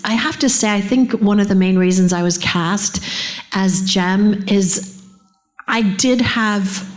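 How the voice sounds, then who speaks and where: A middle-aged woman, a voice actress, talking casually and eagerly at a convention panel, often drifting into tangents. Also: mid-range voice. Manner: chatty, enthusiastic, wanders into tangents.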